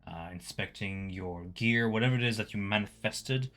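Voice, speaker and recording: A man's voice: fairly low pitch, moderate pace. A man narrating a tabletop role-playing session as game master, describing scenes in a loose way with many fillers. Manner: relaxed, filler-heavy narration.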